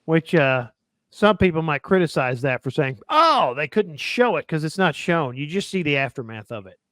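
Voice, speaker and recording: Male host for a casual movie podcast, rambling, slightly higher voice, dry. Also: animated, normal speed, fairly bright tone, clear, resonant tone, dry recording. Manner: rambling, with many fillers and restarts. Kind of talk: casual film discussion.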